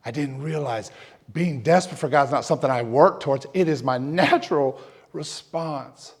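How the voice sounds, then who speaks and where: A man preaching an emotional personal testimony as a pastor, dropping to near whispers and then rising loud and fervent. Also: on the high side, normal speed, slightly rough. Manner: emotional testimony, swings from hushed to loud, repeats himself. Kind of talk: sermon.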